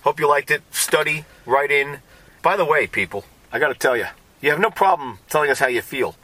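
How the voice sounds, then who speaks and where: A man co-hosting a casual Christian podcast, animated and jokey, laughing often. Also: fairly high pitch, a little fast, breathy edge. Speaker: podcast co-host.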